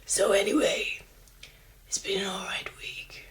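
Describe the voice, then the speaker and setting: A woman putting on a husky, whispery man's voice like a lifelong smoker. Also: steady tone, measured pace, close to an everyday voice. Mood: gruff murmur. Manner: low murmured delivery, drifting accent. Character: husky-voiced young man drag persona, lifelong-smoker rasp. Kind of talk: comic drag character monologue.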